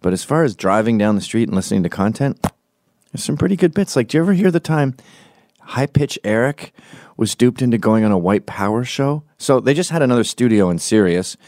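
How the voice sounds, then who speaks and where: A man's voice: mid-range voice, expressive, brisk, darkish tone, dry recording, studio quality. A man in his forties doing a profane, opinionated comedic podcast monologue, slipping into quoted voices as he tells stories. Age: 40s. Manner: acts out quoted voices mid-story.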